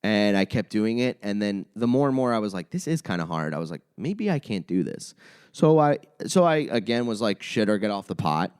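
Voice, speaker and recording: Low-voiced swearing man, lively storyteller. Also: fairly quick, clear, resonant tone. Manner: swears a lot, animated storytelling. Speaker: podcast guest, comedian. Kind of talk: casual chat.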